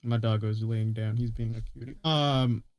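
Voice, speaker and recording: A man from Canada co-hosting a stream, chatting casually over a call, animated, laughing and swearing freely. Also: mid-range voice, normal speed, dry recording. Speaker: co-host.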